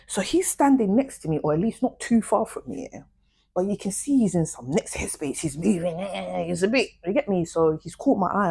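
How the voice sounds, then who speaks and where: A young woman, talking straight to her viewers in a casual, animated storytime full of slang. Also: lowish voice, moderate pace, vocal fry, husky. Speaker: vlogger.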